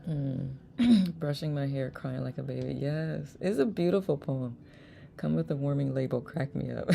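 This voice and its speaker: A woman's voice: a bass voice, moderate pace, creaky, mellow. A woman hosting a live online chat, reading viewers' messages aloud and laughing often. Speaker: host.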